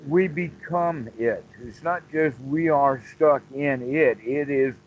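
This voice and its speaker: Male meditation teacher, mid pitch, unhurried explainer, lo-fi call audio. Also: slight background noise. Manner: slow, explanatory, repeats phrases. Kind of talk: dharma talk on a call.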